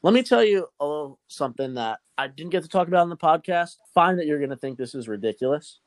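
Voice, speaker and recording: A man's voice: a little high, lively intonation, fast, no room sound. Profane young man telling a rambling story. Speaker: podcast host. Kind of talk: casual storytelling chat.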